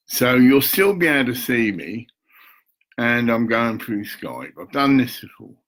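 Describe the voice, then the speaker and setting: An older man with a gravelly, husky voice talks slowly to camera from his home. He rambles, mutters half to himself and swears now and then. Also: medium pitch, lively intonation, a bit bright, rough recording. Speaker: vlogger.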